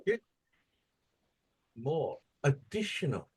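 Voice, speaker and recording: A husky-voiced male teacher leads a classroom English lesson at an unhurried pace. His pitch rises and falls freely as he quizzes students and models how words are stressed. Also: huge pitch swings. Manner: questioning, drills pronunciation by modeling words.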